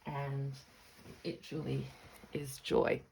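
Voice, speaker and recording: A woman hosting a casual stitching vlog, excited, chatty and rambling as she shows her projects. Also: extremely low pitch, very slow, gravelly, slight background noise. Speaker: stitching vlogger. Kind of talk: casual show-and-tell vlog.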